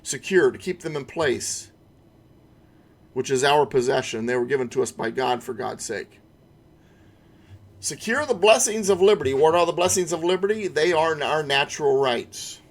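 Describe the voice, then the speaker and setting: A man's voice: fairly high pitch, lively intonation, moderate pace. A middle-aged man teaching an online constitution class, stressing key words and asking rhetorical questions. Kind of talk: online lesson lecture.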